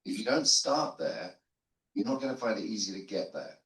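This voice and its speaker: A man's voice: on the low side, very animated, moderate pace, a bit bright. An older man, a guest theologian on a seminary panel, telling stories in a rambling, self-deprecating conversational way with frequent restarts. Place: seminary lunch room. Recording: roomy echo.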